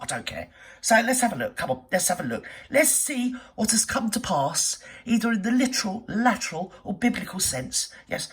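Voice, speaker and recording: A woman's voice: mid-range voice, distant mic. A woman hosting a reaction video with camp, theatrical, sarcastic comedy commentary.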